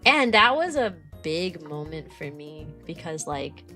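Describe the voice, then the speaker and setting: A woman's voice: sits low, measured pace, faint music behind. A young woman streaming as a VTuber, chatting casually and rambling with lots of "like". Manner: rambling, lots of "like", bubbly and animated. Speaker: VTuber streamer and kindergarten teacher. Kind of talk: casual stream chat answering viewers.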